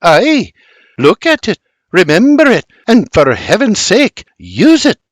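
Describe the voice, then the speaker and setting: A man's voice: sits high, sing-song, moderate pace, dry recording, voice pushed up. A man putting on a bossy farm wife. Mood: exasperated. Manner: scolding, bossy. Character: stern old colonial farm wife.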